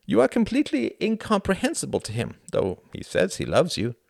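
A young German man, curious and amused, presses his friend with frank questions, as a male audiobook reader puts him on. The voice sits above the reader's own, lively and a little gravelly. The sound is dry and close. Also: sits high, fairly quick, no echo, voice pushed up, heavily acted.

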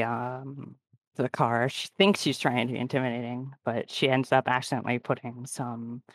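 A man's voice: medium pitch, no room sound. A man playing his character in a tabletop role-playing game, making dry, wry asides about his rolls. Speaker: player.

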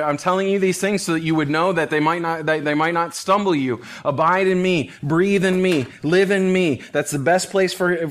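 A man preaching as a pastor, reading scripture and explaining it in an earnest, emphatic way, sometimes dropping to a hush or laughing softly. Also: a little high. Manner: earnest, emphatic, with soft laughs and hushed phrases. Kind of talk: expository Bible teaching.

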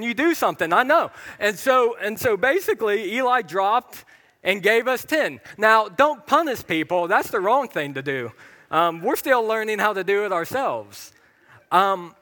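A man's voice: a little high, bright, forceful tone. A young man preaching a sermon in a church, chatty and self-deprecating, with sudden emphatic bursts. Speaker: pastor. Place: church hall. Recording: church hall with long reverb.

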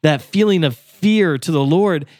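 A man's voice: fairly high pitch, measured pace, a little mellow, dry recording, clean studio sound. A man co-hosting a faith podcast, speaking earnestly and telling personal stories about prayer. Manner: earnest, storytelling, acts out prayers in quotes. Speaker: podcast co-host and author. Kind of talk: casual faith conversation.

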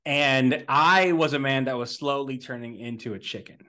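A man's voice: mid-range voice, moderate pace, bright, forceful tone. Male co-host, casual storyteller, filler-heavy, mid-range voice. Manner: rambling, many fillers and restarts, laughs while telling stories. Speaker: podcast co-host.

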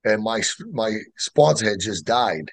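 A middle-aged man with a gravelly, creaky voice. He tells his recovery story in casual, slangy talk with lots of fillers. The sound is dry and close, with no room around it. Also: fairly low pitch, expressive, a little slow, no room sound. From Boston area. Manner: emotional, street slang, many fillers. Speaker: guest sharing recovery story.

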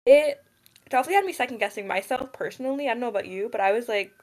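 Rambling young woman, slightly high voice. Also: racing, darkish tone. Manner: rambling, many fillers, giggly. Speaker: podcast co-host. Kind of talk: casual chat.

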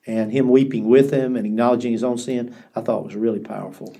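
A man's voice: medium pitch, fairly even intonation, brisk, mellow, breathy edge. An older man, a pastor, telling stories in an earnest, reflective way, often restarting his sentences during a podcast interview. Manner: earnest storytelling with frequent restarts.

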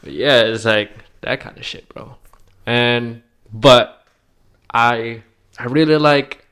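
A man's voice: mid-range voice, slow pace, a bit bright, smooth. A man from Indonesia co-hosting a podcast, chatting in an easygoing, eager way. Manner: easygoing, enthusiastic, says "bro" often. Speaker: podcast co-host. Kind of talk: casual chat.

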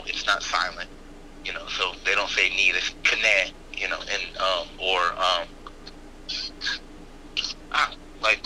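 Man, casual rambling talk, very bright voice, slight background hiss. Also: fairly low pitch, low-quality recording. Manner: rambling, with many fillers and restarts. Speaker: podcast guest. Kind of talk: casual conversation.

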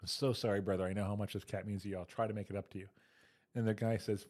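A man's voice: lowish voice, little pitch movement, quick pace, darkish tone. A man co-hosting a comedy podcast, chatting casually and telling dad jokes and long joke stories. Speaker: podcast co-host.

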